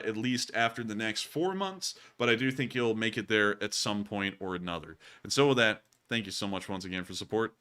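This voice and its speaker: A man's voice: lowish voice, bright, forceful tone, smooth. A man hosting a live stream, answering viewer messages in loose, rambling casual talk full of fillers. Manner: rambling, filler-heavy, repeated sign-offs. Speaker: host.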